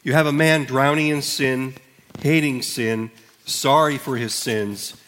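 A male pastor in the middle of a sermon, his voice sitting at an ordinary pitch for a man. He speaks earnestly and deliberately, leaning into each line of scripture he reads aloud. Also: fairly even intonation, fairly bright tone, slight background noise.

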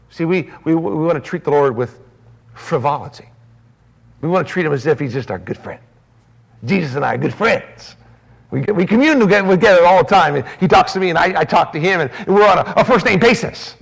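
A man preaching a sermon as pastor, swinging from loud, raised emphasis to soft, low drops. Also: expressive, fast, gravelly.

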